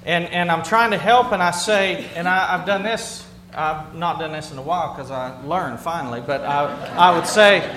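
A man's voice: on the high side, moderate pace, few pauses, bright, forceful tone. Male pastor, plain-spoken and earnest, repeats himself as he preaches; echoey sanctuary sound. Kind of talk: conversational sermon. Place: church sanctuary with a congregation. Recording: roomy hall sound with faint hum.

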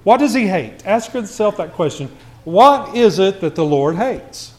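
A man with a high, animated voice delivers a conversational sermon to a congregation at a measured pace. He leans on rhetorical questions, swinging from quiet remarks to loud, emphatic passages.

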